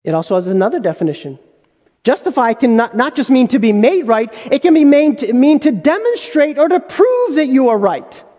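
A man's voice: very high voice, sing-song, fairly quick, dark tone, big-room sound, lo-fi sound. A male pastor preaching a sermon in an emphatic way, full of rhetorical questions.

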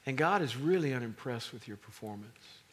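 A middle-aged man preaching a sermon, animated and rising to emphatic peaks. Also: medium pitch, moderate pace, slightly rough.

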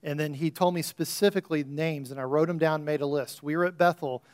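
A man's voice: fairly high pitch, fairly quick, darkish tone, smooth. A man preaching to his church, telling stories casually before leading a fervent prayer over the offering. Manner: conversational, storytelling preacher, rising into fervent prayer. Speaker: pastor. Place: church sanctuary before a congregation.

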